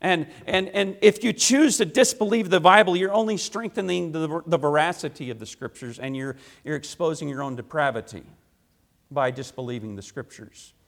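A male preacher with a notably high voice delivers a sermon. He hammers his points home by repeating key phrases and asking rhetorical questions. His delivery swings between loud declarations and hushed asides. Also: animated, normal speed.

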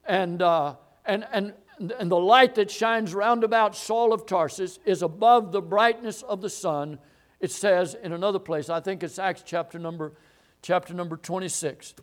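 A man preaching a sermon who explains a Bible passage, repeats phrases for emphasis and swells into loud declarations. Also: high-pitched, moderate pace. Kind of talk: sermon, expository Bible teaching.

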